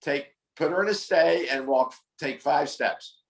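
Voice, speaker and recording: A man's voice: on the high side, unhurried, roomy sound, low-quality recording. Firm, corrective male dog trainer. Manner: firm, corrective, repeats instructions. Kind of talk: hands-on coaching over a call.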